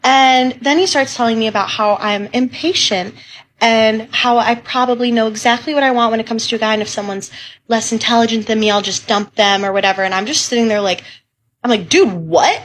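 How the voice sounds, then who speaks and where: A woman's voice: on the high side, brisk. Young woman in her twenties, upset, incredulous storytime, faint background hiss. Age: 20s. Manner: animated, incredulous retelling. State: shaken and upset after crying. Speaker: job seeker. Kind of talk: venting storytime to camera.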